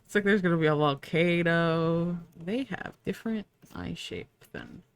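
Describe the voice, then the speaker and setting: A woman's voice: on the low side, measured pace, clear, resonant tone, no echo. A young woman streaming live, chatting casually with viewers while she draws, sleepy and yawning. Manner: chatty, bubbly, talks to chat and herself.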